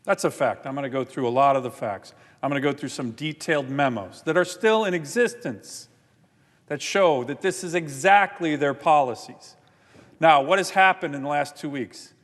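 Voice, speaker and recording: A man giving an indignant, forceful floor speech as a senator, often repeating his points. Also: fairly high pitch, moderate pace, long reverb tail. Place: large legislative chamber.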